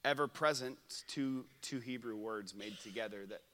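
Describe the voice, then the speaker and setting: A young man preaching a sermon at a camp, telling stories that swing from loud to hushed. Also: mid-range voice, normal speed, big-room sound. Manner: storytelling, shifts from loud to hushed. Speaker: pastor. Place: camp meeting room.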